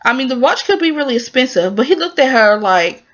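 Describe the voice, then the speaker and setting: A woman's voice: sits high, a little fast. A woman casually recapping a TV drama episode, talking in a chatty, informal and emotional way with lots of fillers. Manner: animated, emotional storytelling. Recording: muffled lo-fi recording.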